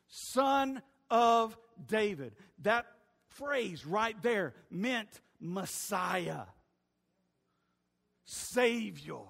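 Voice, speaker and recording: Pastor, high bright voice, loud preaching with hushed drops, long hall reverb. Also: male voice, gravelly, breathy edge. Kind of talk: sermon.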